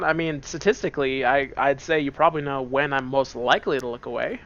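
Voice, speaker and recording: A man playing a computer game in a dark room at home, with headphones on, talking through it in a playful, joking way. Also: mid-range voice, normal speed, lo-fi sound. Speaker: let's play host. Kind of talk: casual gameplay commentary. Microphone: wearing headphones at the computer.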